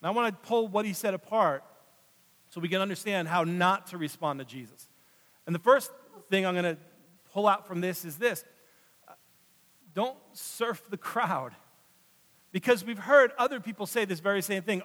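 Male preacher with a high voice, sermon delivery that rises to emphasis and falls to a hush, long church reverb. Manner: swings between loud emphatic passages and hushed, slow drops. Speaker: pastor. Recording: long reverb of a large hall.

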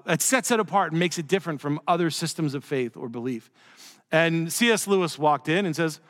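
Male pastor, a bit high-pitched, chatty sermon delivery, long reverb of a church hall. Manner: conversational preaching with joking asides, dropping soft for emphasis.

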